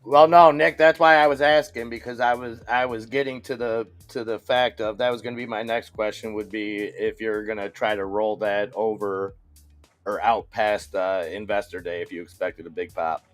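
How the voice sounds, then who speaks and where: A man's voice: fairly low pitch, little pitch movement, moderate pace, faint music behind. A man co-hosting a live stock market stream, chatting casually, reading viewer comments and often restarting his sentences. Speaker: stock market livestream co-host.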